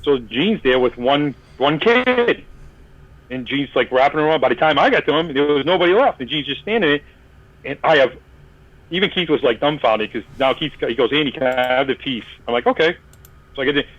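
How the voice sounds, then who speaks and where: A man's voice: mid-range voice, animated, a little fast, no echo, lo-fi sound. A man telling a long story in casual podcast chat, acting out the voices of the people in it, with many fillers and restarts. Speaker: podcast guest.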